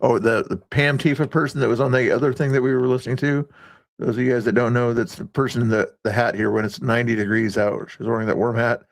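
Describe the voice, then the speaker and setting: A man's voice: mid-range voice, steady tone, quick pace, vocal fry, no room sound. A man hosting a casual livestream, chatting in a rambling way and reading viewers' comments aloud. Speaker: livestream host.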